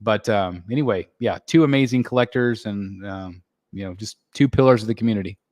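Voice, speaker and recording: A man's voice: on the low side, fairly quick, dry recording, clean studio sound. Chatty American man hosting a live stream. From United States. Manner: chatty, relaxed, many fillers and restarts. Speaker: livestream host reading chat. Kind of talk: casual live-stream chat. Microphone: desk microphone.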